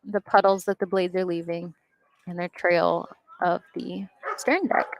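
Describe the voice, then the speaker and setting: A woman's voice: fairly low pitch, flat delivery, unhurried, no room sound. A woman doing color commentary at a rowing race, chatty and explaining the sport in plain terms.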